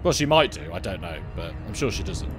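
A man's voice: sits low, big pitch swings, a little fast. A man chatting and joking casually while streaming a space game live, swearing now and then. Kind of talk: live gameplay commentary. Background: game music.

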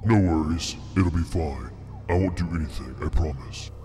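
An ominous, cavernous voice. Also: male voice, dark tone, soft background music. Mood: coaxing. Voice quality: deep and menacing. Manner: slow, coaxing, commanding. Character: ominous deep disembodied male voice from a hole.

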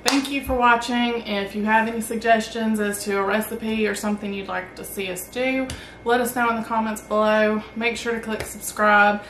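A woman hosting a casual barbecue cooking vlog, chatty and excited as she cooks and tastes the food. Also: fairly high pitch, normal speed, reverberant, recorded from a distance, a little hiss or hum, low-quality recording. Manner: excited, chatty, talks while tasting. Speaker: barbecue channel host.

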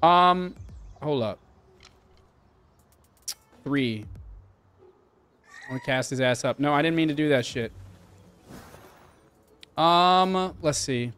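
A man's voice: on the high side, slow, long pauses, fairly bright tone, smooth, soft background music. A young man chatting casually and swearing while he streams a game and talks to his chat. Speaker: livestreamer. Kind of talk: casual live game commentary.

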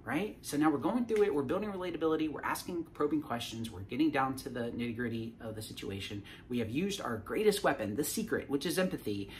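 A man's voice: mid-range voice, expressive, fast talker, few pauses, slight background noise. Man coaching sales, peppering "right?". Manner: keeps checking in with "right?", frequent restarts and repeated words. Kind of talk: casual teaching to camera.

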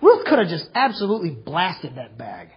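A male pastor preaching a sermon emphatically, with sudden loud outbursts. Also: sits high, wildly swooping pitch, moderate pace, breathy edge, highs cut off. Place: church.

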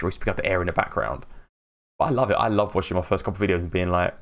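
A man's voice: low-pitched, quick pace, a bit bright. A man chatting casually on a live stream, rambling and laughing at himself as he greets viewers.

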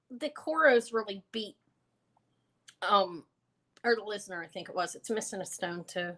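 A woman's voice: mid-range voice, animated, moderate pace, long pauses, bright, forceful tone. A woman hosting a live online jewelry auction, chatting casually and rambling with fillers and self-corrections. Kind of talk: casual live-stream selling chat.

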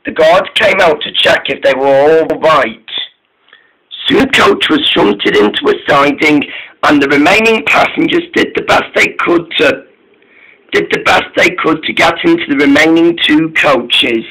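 Halting man reading a train story. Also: on the high side, animated, pushed and bright, poor audio. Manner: halting, many false starts and restarts. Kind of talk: amateur story narration.

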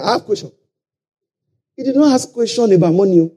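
Nigerian male pastor, very high husky voice, shouts and sings his points. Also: animated, normal speed, long pauses. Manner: preaching with shouted, sing-song emphasis and playful asides. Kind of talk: sermon. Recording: live conference hall.

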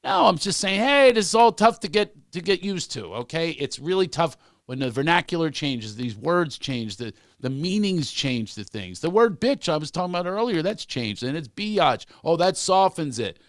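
A middle-aged man spins comic stories with big swings in pitch, jumping into the voices of the people he quotes. His voice sits a little high for a man. The sound is close and dry, with no room around it. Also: animated, moderate pace, hardly any pauses, no room sound. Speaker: comedian guest. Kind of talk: storytelling in a podcast chat.

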